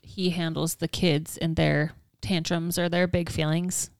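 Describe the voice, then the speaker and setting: A woman's voice: low voice, little pitch movement, unhurried, no room sound, clean studio sound. A woman in her thirties co-hosting a parenting podcast, chatty and laughing as she tells stories about her family. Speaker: podcast co-host. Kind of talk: casual chat.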